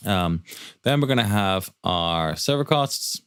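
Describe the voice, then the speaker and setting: Deep-voiced man, fast casual tutor talking through a finance model, jokey asides, dry close mic. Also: expressive, fairly bright tone, smooth, no room sound. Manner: quick, joking asides and rhetorical questions. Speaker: startup finance instructor. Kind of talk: fast screen-share walkthrough of a spreadsheet.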